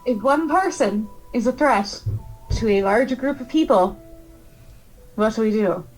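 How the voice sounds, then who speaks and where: A woman speaking as her character at a tabletop game, blunt and matter-of-fact. Her voice sits a little high, with faint music underneath. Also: animated, measured pace, darkish tone, poor audio. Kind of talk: in-character role-play.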